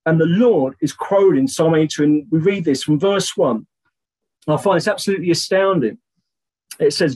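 Male Bible teacher, husky and fairly high, chatty with fillers, slows down to read verses aloud. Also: darkish tone, poor audio. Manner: conversational, many "you know" fillers, slows down to read scripture aloud.

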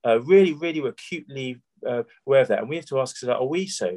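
A man's voice: mid-range voice, lively intonation, quick pace, darkish tone. Conversational British preacher, a man. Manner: conversational, asks rhetorical questions, frequent restarts. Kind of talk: sermon.

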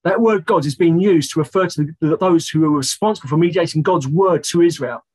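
Male Bible teacher, husky and fairly high, chatty with fillers, slows down to read verses aloud. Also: a little mellow, low-quality recording. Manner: conversational, many "you know" fillers, slows down to read scripture aloud.

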